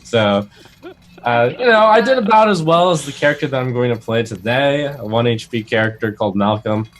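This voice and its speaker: A man's voice: mid-range voice, lively intonation, fairly quick, a little hiss or hum. Joking man recapping a game session. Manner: joking, mock-indignant. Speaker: player. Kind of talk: casual recap of a tabletop game.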